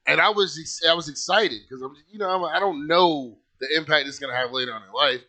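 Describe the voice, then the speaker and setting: A man with a bright, forward voice tells a story from his own life in a loose, conversational ramble. He fills his sentences with "like" and "you know" and speaks with plain, heartfelt earnestness. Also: a little high, a little fast. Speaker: channel host telling his own story. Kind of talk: casual personal storytelling.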